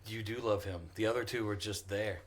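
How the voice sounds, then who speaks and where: A man's voice: fairly low pitch, fairly even intonation, a little fast, a little hiss or hum. A man acting as game master, opening a casual tabletop session with jokes and loose, rambling talk. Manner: joking, rambling with fillers.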